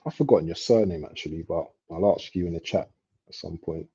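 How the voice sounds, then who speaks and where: A young man chatting casually while he streams a football match live. He talks in street slang and breaks into excited outbursts at near misses. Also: deep voice, brisk, husky. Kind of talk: casual live commentary chat. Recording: dull lo-fi stream audio.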